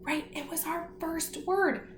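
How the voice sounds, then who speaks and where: A woman with a very high, steady voice speaks slowly as she gives young children a clear remote spelling lesson. Patient and encouraging, she spells words out letter by letter amid background noise and an echoey room.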